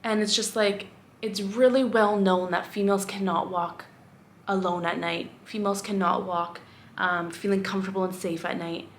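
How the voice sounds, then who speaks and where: A woman's voice: mid-range voice, fairly even intonation, normal speed, slight background noise. A young woman teacher talking candidly to camera in a casual vlog, rambling and reflective with frequent fillers. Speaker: vlogger.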